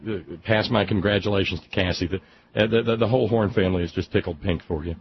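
Here the Southern radio host speaks quickly in a deep, steady voice over a noisy background. His casual call-in chat is wry and meandering, full of restarts, and the broadcast comes through slightly muffled.

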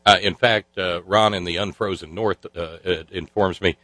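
Male talk host, lowish pitch, close dry sound; sardonic, rambling commentary. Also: lively intonation, a little slow, hardly any pauses, bright, forceful tone, no room sound, low-quality recording. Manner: sarcastic, rambling with many filler sounds. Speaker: radio talk show host.

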